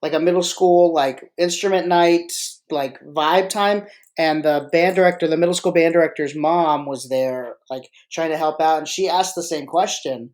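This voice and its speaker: During a casual live podcast conversation, the host, a freelance choreographer for the marching arts, jokes and wanders off topic, often interrupting and restarting. The voice is mid-range and slightly mellow, with a moderate pace.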